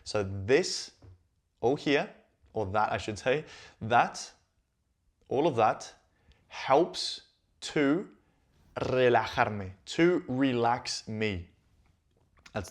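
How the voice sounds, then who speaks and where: A man teaching Spanish, walking slowly through on-screen sentences and repeating each phrase before translating it. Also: medium pitch. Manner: patient, repeats phrases, thinks aloud.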